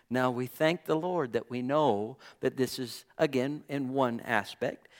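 An earnest man teaching a Bible study in a steady, mid-pitched voice. He leans on key words and stretches them out for emphasis. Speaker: preacher.

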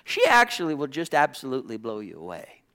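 A man preaching, voicing an old patriarch who calmly reassures his servant in a softer, lower voice. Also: fast, exaggerated voice. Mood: reassuring.

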